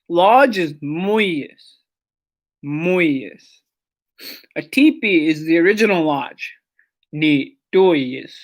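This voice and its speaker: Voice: medium pitch, fairly bright tone. A language teacher leading a lesson, saying each word several times and explaining how it is stressed, sometimes dropping to a whisper on a repeat. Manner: explains pronunciation patiently with short asides.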